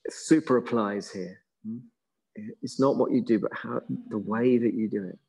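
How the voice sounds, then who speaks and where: A man's voice: lowish voice, unhurried, vocal fry, slightly rough, poor audio. Man leading a yoga class. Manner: relaxed, musing, with chuckles. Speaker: yoga teacher. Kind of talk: guided yoga class instruction.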